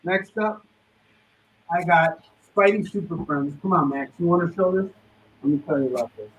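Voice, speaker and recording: A man's voice: a little high, moderate pace, a little hiss or hum. A man hosting a live comic book sale, running through titles and prices in hustling sales patter. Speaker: host selling comics on a live stream. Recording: distant dull lo-fi stream audio.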